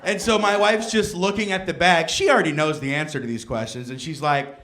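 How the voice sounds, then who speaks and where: A man doing a stand-up comedy set on stage, telling a story in an animated way and acting out the voices. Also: high-pitched, brisk.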